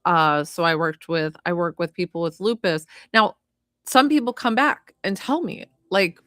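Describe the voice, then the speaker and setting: A woman's voice: on the low side, moderate pace, dry recording, studio quality. A woman talking casually to viewers on a live stream as a psychic medium and healer, chatty and rambling with lots of fillers. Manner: chatty, warm-hearted, rambling with many fillers.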